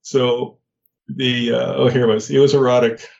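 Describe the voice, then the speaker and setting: An older man telling a personal story in a halting way, with many fillers and restarts. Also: mid-range voice, little pitch movement, gravelly, a little mellow, muffled recording, a little hiss or hum. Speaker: guest.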